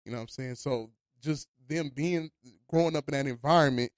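A man's voice: medium pitch, brisk, dry recording. A man from Los Angeles, hosting a podcast studio, talking in a loose, rambling way and often checking in with "you know what I'm saying". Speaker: studio host. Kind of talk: casual podcast chat.

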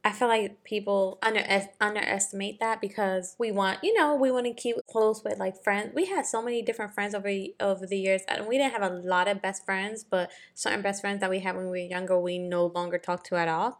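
A woman's voice: medium pitch, steady tone, brisk, few pauses. A young adult woman in casual chat, reflective and encouraging, often murmuring agreement.

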